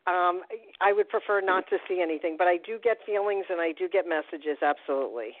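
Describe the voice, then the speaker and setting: A woman's voice: on the low side, fairly quick, no room sound. An older woman with a New Jersey accent, calling in to a radio show, chatty and giggly. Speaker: caller. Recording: dry tinny phone line.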